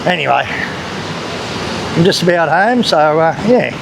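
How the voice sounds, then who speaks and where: A slow, gravelly, slightly high voice belongs to an Australian travel vlogger, who speaks expressively while walking through city back streets. His manner is casual and blunt, with occasional swearing. Traffic and motorbikes are loud behind him.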